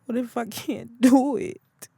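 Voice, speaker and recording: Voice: medium pitch, steady tone, takes it slowly, gravelly, dark tone, husky, no room sound, voice pushed up, full character voice. A reader voicing an earnest young woman in an audiobook who asks questions with eager feeling. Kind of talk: audiobook character voice.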